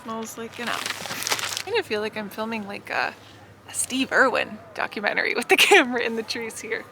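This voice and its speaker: A woman from Canada talks to her camera in a relaxed, giggly way, her voice sitting a little high. Faint background noise runs under her voice as she films. She keeps an easy, chatty pace. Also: brisk. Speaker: vlogger. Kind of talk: casual vlog chat. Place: in a car and outdoors at an orchard.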